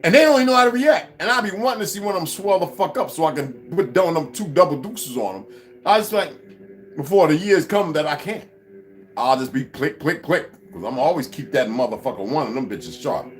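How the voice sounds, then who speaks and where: A man delivering a heated, profane vlog rant full of mockery and swearing. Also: a little fast. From United States. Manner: heated, swearing, mocking, lively swings in pitch. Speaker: vlogger. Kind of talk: profane ranting monologue.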